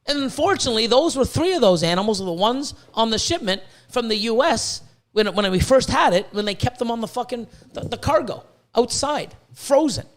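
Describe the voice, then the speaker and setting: A man's voice: very high-pitched, animated, brisk. A man hosting a podcast, ranting in a rambling, profane way and stumbling over repeated words. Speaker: podcast host, reptile breeder. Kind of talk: casual podcast rant.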